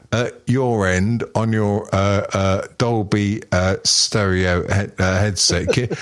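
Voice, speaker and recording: A middle-aged man co-hosts a podcast, his voice fairly low and fairly bright. He chats in a rambling, self-mocking way and swears freely throughout this casual, profane talk.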